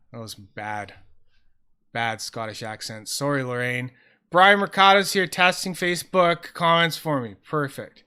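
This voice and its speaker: A man chatting casually on a home livestream into a close, sensitive mic, rambling, excitable and swearing freely. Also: a little high, a little slow, clear, resonant tone. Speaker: fidget toy livestreamer.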